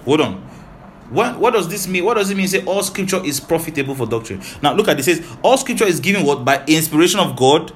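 A man preaching a Bible teaching sermon, talking quickly and animatedly, often checking in with "right?" and "hallelujah". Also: fairly high pitch, expressive, a little hiss or hum.

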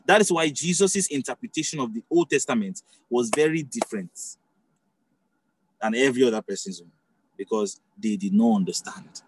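A man's voice: medium pitch, breathy edge, no room sound, rough recording. A man preaching a sermon in a conversational teaching style, often restarting phrases and checking that listeners follow.

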